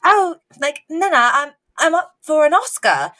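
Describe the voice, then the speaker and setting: A man's voice: very high-pitched, big pitch swings, normal speed, sharp tone, voice pushed up, heavily acted. A woman voicing a grown male pop star who begs for approval like a needy child, whiny and pleading. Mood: eager.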